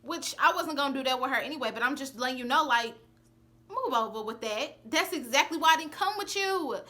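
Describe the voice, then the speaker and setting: A young woman telling a personal story to her camera in a casual storytime chat, sassy and animated, acting out what others said. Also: sits high, fairly quick. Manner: sassy, animated, acts out the quoted lines.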